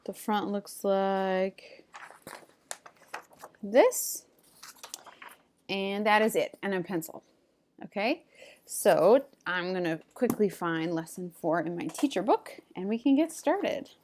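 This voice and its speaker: A woman teacher leading a recorded reading lesson, saying each word clearly and patiently in call-and-response drills. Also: medium pitch, lively intonation, slow pace, long pauses, a little mellow, slight background noise.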